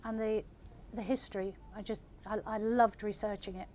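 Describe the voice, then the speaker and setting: Older woman author, measured. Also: mid-range voice, fairly even intonation, a little mellow, slight background noise. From England. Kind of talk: reading aloud then audience Q&A.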